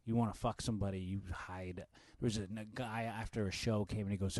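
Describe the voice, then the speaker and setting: A man, a stand-up comedian, telling stories in a podcast chat with heavy swearing and loud acted-out quotes. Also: on the low side, brisk, no room sound. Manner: animated, profane, acts out quotes loudly.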